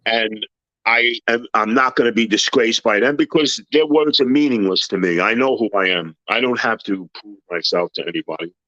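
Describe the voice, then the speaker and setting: A man's voice: fairly low pitch, moderate pace, pushed and bright, dry recording, dull audio. A man telling personal stories in a casual interview, blunt and tough-talking, acting out what people said.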